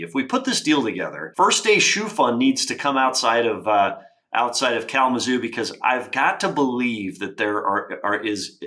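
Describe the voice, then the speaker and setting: A man hosting a casual podcast interview. He is enthusiastic and effusive, and his bright voice moves up and down a lot in pitch. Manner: enthusiastic, effusive, laughs often. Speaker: podcast host.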